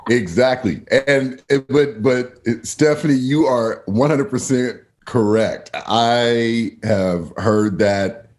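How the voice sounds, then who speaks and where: A man joining a video call podcast, talking in an animated way, laughing and restarting his sentences. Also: medium pitch, slow pace, few pauses. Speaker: podcast panelist. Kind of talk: casual chat.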